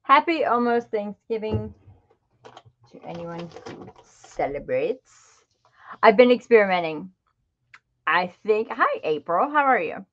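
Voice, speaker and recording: A woman's voice: medium pitch, very animated, measured pace, pauses often, highs cut off. A middle-aged woman hosting a craft livestream, chatting casually and greeting viewers by name. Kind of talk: casual live-stream chat.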